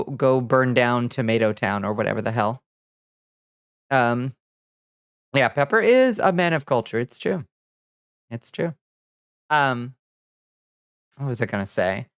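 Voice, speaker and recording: This vtuber streamer's voice sits low, captured with clean studio sound and no room sound. Relaxed and casual on her livestream, she curses freely while greeting viewers by name.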